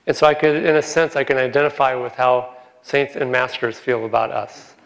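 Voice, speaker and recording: A man giving an informal spiritual talk in a large hall, gentle and often chuckling as he tells stories. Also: mid-range voice, fairly even intonation, moderate pace, a little hiss or hum.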